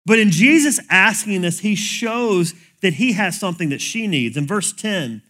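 A man's voice: high-pitched, animated, moderate pace, a bit bright. A man preaching a sermon in a conversational, plain-spoken way. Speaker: pastor.

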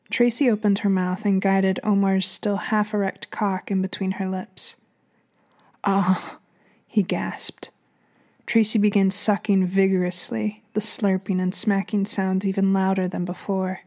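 Slow creaky woman narrating softly. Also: mid-range voice. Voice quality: soft, half-whispered reading. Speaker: audiobook narrator. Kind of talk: erotic audiobook narration.

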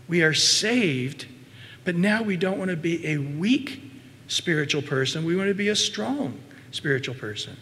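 Man, pastor, high voice, emphatic preaching with soft low asides, long hall reverb. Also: expressive, moderate pace. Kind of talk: sermon.

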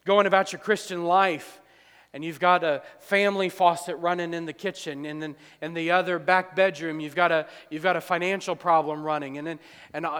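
Man, pastor, sermon, higher voice, long hall reverb. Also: clean tone. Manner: preaching, acts out dialogue, rises loud then drops quiet.

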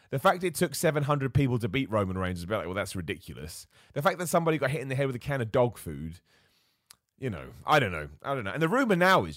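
Opinionated host, chatty wrestling talk, quick speech with a lively, swinging pitch. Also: male voice, no room sound, clean studio sound. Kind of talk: casual wrestling recap talk. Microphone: close mic.

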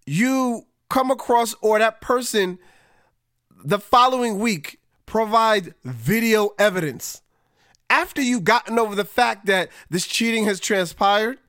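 A man's voice: high voice, fairly bright tone, dry recording, clean studio sound. A man ranting casually about his team's struggles, frustrated and conversational, drawing out words for emphasis. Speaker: podcast host. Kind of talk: casual sports rant.

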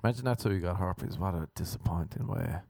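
Gravelly Irish man, crude comic rambling. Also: low voice, fast, darkish tone, no echo, studio quality. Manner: crude, rambling, self-mocking. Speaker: comedian podcast host. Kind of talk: comic monologue.

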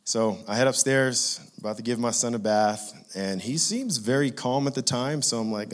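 A father in his thirties from Inglewood, California, shares a faith testimony in a medium-pitched voice at normal speed, with hardly any pauses. He tells his personal story earnestly and conversationally, laughing at his own jokes.

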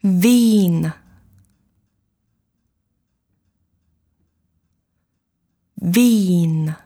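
Woman with a warm, dark voice modeling words for a language lesson; very slow, careful and drawn-out. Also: fairly low pitch. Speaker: pronunciation model.

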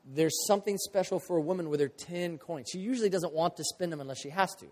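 A man delivers a sermon in a fairly high voice, animated and playful, acting out the voices in his story. His words ring out with the long reverb of a large hall. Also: fast. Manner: animated, acts out quotes with big swings in pitch and volume. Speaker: pastor.

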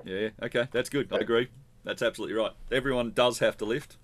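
A man co-hosting a relaxed sports podcast, dry and sarcastic in his asides. His voice sits at an ordinary middling pitch. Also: fast talker. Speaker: podcast co-host. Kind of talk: casual chat.

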